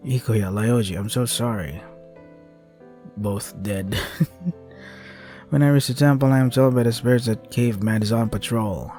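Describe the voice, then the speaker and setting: A man's voice: medium pitch, normal speed, warm tone, soft background music. A man hosting a gaming video, reading a visual novel aloud and dropping casual, dry asides.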